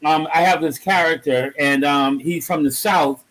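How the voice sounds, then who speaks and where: A man in a casual interview, telling animated stories about comics and his own creations, acting out quotes as he goes. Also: fairly high pitch, measured pace, poor audio. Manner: animated storyteller, exclaims and acts out quotes. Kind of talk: casual conversation.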